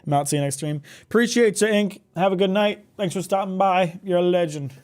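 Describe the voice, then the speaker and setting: A man's voice: sits high, brisk, darkish tone. A man streaming from home, chatting casually with his viewers, joking and swearing bluntly. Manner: blunt, joking and profane, reads chat aloud. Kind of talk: casual live-stream chat.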